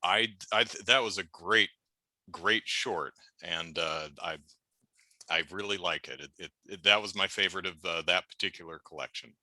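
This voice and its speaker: Middle-aged guy chatting about movies, bright slightly low voice, lots of stops and restarts. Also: no room sound, rough recording. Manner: halting, many restarts and fillers. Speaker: YouTube show host. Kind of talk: casual movie discussion.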